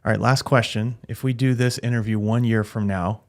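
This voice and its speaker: Low, gravelly male podcast host. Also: fairly even intonation, fairly quick. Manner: affirming, conversational. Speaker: gym owner, podcast host. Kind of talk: casual interview chat.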